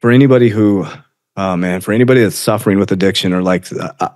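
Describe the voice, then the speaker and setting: A man in his forties with a lowish voice talks as a podcast guest, earnest and halting, often breaking into a laugh as he recounts his past. His delivery is personal and emotional storytelling. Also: a little mellow. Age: 40s.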